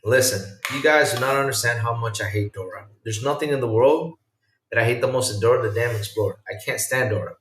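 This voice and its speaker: A male podcast host chatting casually on a livestream and reacting to viewer comments, excitable and rambling, swinging between low mumbles and loud outbursts. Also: a little fast, slight background noise. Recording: roomy sound from a distant mic.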